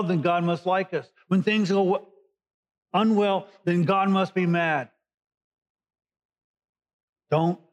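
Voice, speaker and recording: Man preaching in a conversational sermon. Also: on the high side. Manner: conversational Bible teaching, paraphrasing scripture. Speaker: pastor. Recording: dull lo-fi recording.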